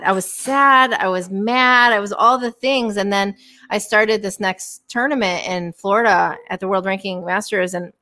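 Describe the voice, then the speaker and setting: A woman's voice: medium pitch, bright, forceful tone. A woman in her thirties, a guest on a podcast, telling a personal story candidly and with feeling, with many fillers and restarts. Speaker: guest, professional bowler. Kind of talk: casual podcast interview storytelling.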